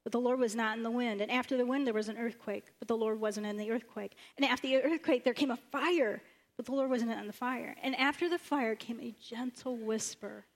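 A woman pastor preaching a sermon in a church, animated, acting out the lines of the stories she retells. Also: fairly quick. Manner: animated, acts out the prophet's lines with sudden high bursts.

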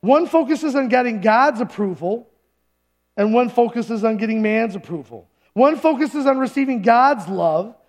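A man's voice: extremely high pitch, expressive, moderate pace. A male pastor preaching a sermon in a church service, talking conversationally and acting out the voices of the people he quotes.

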